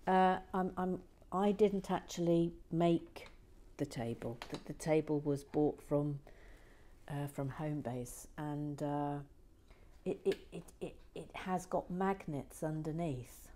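A woman hosting a relaxed building vlog from her shed, reading comments with dry teasing humor and soft whispered asides. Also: low-pitched, slow, slight background noise. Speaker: vlog host. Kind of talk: casual chat while building and reading comments.

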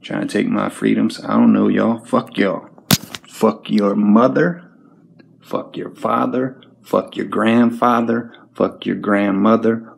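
A man's voice: on the low side, level tone, slow, creaky, slight background noise. A man vlogging an angry, profane monologue, confrontational and repetitive as he rants at the viewers. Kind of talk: angry ranting monologue to camera.

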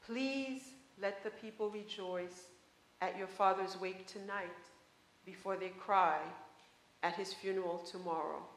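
A woman's voice: mid-range voice, measured pace, roomy sound, lightly acted, poor audio. Woman reading as a wise old village woman.

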